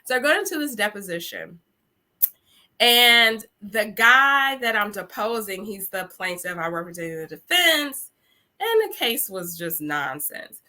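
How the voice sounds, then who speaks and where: A woman in her forties, an attorney as a guest in an interview, telling lively stories and laughing easily. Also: mid-range voice, a little slow. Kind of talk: casual interview chat.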